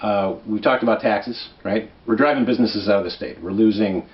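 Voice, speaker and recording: A man's voice: on the low side, a little fast. Minnesota guy doing a jokey election rundown, chatty and persuasive, keeps asking right?, muffled-ish audio. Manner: conversational, persuasive, checks in with "right?". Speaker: political commentary host. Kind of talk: comic election guide monologue.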